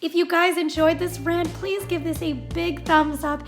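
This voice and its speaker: A woman's voice: very high voice, little pitch movement, moderate pace, soft background music. Sarcastic ranting woman vlogger. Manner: sarcastic, exasperated. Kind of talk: ranting vlog monologue.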